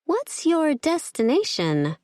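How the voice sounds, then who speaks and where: A determined alien woman speaks in short, commanding bursts, put on by a woman reading an audiobook. Her voice sits noticeably higher than the reader's low natural tone. It is recorded dry and close, with no room sound. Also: wildly swooping pitch, slow, a little mellow, dry recording, full character voice. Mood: firm.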